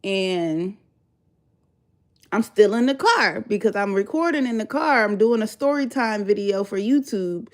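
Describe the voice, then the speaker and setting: Brief: woman storyteller for a storytime vlog, expressive and swearing freely, pitch spiking on outbursts. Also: unhurried. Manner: animated, profane, jumps high when exclaiming. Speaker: YouTuber telling a story; mother of three.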